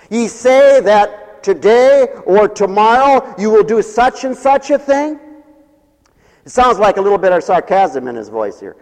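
A male pastor giving a lively sermon, acting out the voices of the people in his stories and laughing often. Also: high voice, a little slow. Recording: long reverb of a hall.

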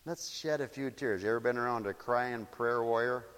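A man preaching a sermon in an animated, mocking way, slipping into shrill wailing impressions. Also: moderate pace, clear, resonant tone, long reverb tail.

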